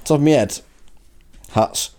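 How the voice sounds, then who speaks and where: A man's voice: measured pace, warm tone. A man with a Wigan accent co-hosting a podcast in casual chat, swearing freely and laughing often. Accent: Wigan, Lancashire. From Wigan, England. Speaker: podcast co-host.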